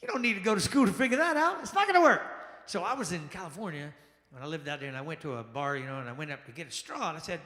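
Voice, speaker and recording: Bright, forceful male stand-up comic, exclamatory, recorded in a roomy lounge. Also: a little high, rapid-fire. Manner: animated, exclamatory, acts out quoted people. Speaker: stand-up comedian. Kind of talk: stand-up comedy set. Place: jazz lounge stage. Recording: echoey lounge with long reverb.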